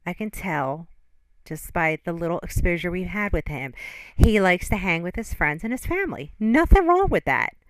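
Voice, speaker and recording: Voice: mid-range voice, fairly bright tone, clear, resonant tone, dry recording. A reaction channel host giving casual, judgmental commentary on a video and reading chat comments aloud.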